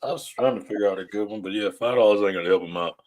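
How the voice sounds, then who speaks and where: A man's voice: fairly low pitch, rapid-fire, a little mellow. A man co-hosting a casual food show, talking in an easygoing, rambling way. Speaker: co-host. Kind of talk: casual chat.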